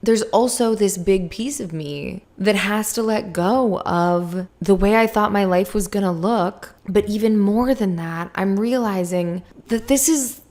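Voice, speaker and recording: A woman's voice: medium pitch, a little slow, few pauses, darkish tone. A young adult woman hosting her own podcast, talking candidly and rambling through her thoughts with frequent laughs, her mouth dry around a lozenge. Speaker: podcast host. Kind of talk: confessional solo podcast.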